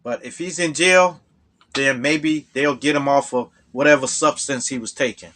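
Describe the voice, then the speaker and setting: A man telling a true story in a casual way. He repeats words and jumps up high when he gets indignant. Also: normal speed, pushed and bright.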